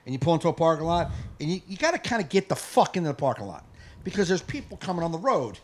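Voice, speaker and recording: A man co-hosting a live podcast, ranting in casual chat, profane and fired up, with bursts of yelling. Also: on the high side, big pitch swings, quick pace. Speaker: podcast co-host.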